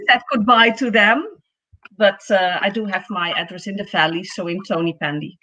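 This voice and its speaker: A woman from the Netherlands calling in as a guest, talking in a hesitant, halting way with many fillers. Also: medium pitch, sharp tone, low-quality recording. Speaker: guest caller. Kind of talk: casual chat.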